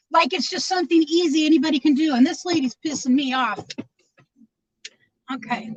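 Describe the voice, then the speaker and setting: A woman's voice: sits high, fairly bright tone, dry recording, lo-fi sound. A woman rambling in casual live-stream chat from inside her car, greeting viewers by name.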